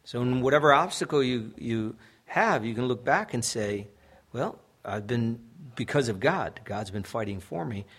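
A young adult man preaches a sermon with a husky, slightly breathy voice. He talks earnestly and pushes up into loud, emphatic stretches. His pitch sits in the ordinary middle for a man. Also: lively intonation, normal speed. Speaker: pastor.

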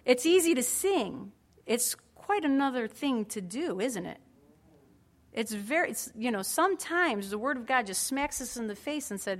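A woman delivers a sermon with earnest emphasis, her voice sitting a little higher than most. She leans hard on key words, then drops into easy conversational asides as if speaking directly to the congregation. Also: expressive, measured pace, a bit bright. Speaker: preacher.

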